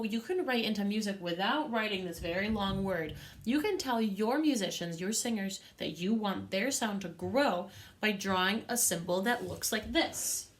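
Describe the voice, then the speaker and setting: A woman's voice: mid-range voice, a bit bright. A woman teaching a music lesson to young children, patient and encouraging, with a sing-song teacher manner.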